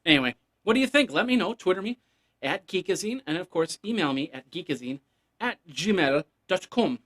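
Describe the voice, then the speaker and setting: A man's voice: high voice, animated, normal speed, fairly bright tone. A man hosting a casual solo tech news podcast, rambling and joking, now and then making beeping computer noises.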